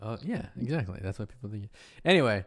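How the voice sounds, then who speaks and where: A man's voice: lowish voice, very animated, fast, a crowd in the background. A man hosting a casual livestream chat, rambling and cutting himself off, laughing often. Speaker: host.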